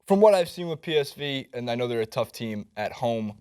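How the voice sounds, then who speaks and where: A man co-hosting a sports chat show in an ordinary mid-range voice. He sounds relaxed and drops in wry remarks as the talk goes on. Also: mid-range voice, brisk, smooth. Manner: laid-back, wry interjections.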